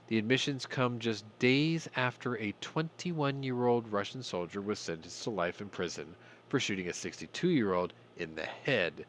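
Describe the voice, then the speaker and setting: A man hosts a casual news rundown in a low voice that swings up and down with plenty of animation. He rants, swears and throws in irreverent asides. A faint hiss of noise sits under the recording. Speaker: podcast host.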